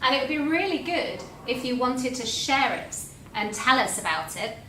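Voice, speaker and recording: A woman co-presenting a school assembly, gentle and encouraging with a light teasing edge. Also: high voice, expressive, moderate pace, a little hiss or hum. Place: school room. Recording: echoey room, mic at a distance.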